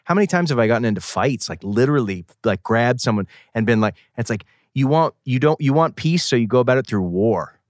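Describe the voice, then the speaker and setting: A man with a Boston accent talks as a podcast guest, rambling and earnest, with his pitch right in the middle. His voice sounds dry and close, with almost no room around it. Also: lively intonation, fairly quick, hardly any pauses, no room sound. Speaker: musician guest. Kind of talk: casual podcast chat.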